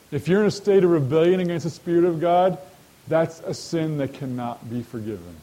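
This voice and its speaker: A man with a slightly higher voice leads a Bible study in a sermon style. He keeps turning to his listeners with quick rhetorical questions. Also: lively intonation, dark tone, poor audio. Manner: asks rhetorical questions and addresses listeners directly. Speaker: Bible teacher.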